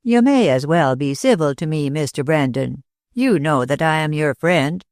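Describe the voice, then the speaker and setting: A man's voice: a little high, expressive, normal speed, no room sound, clean studio sound. A man voicing a persistent, lovesick male detective in an audiobook, speaking earnestly.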